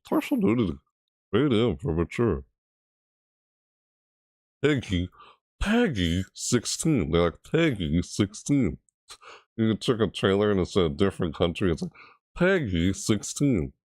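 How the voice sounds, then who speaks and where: A man who makes gaming videos, chatting casually to camera, reading out viewer messages and answering them in a rambling way, with sudden high yelps. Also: darkish tone, no room sound, studio quality. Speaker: gaming YouTuber reacting to trailers and chat.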